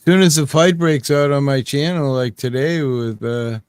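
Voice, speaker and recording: A man's voice: mid-range voice, normal speed, a little mellow, clear, resonant tone, dry recording. A man hosting a casual late-night livestream chat from home, laid-back and rambling. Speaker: channel host.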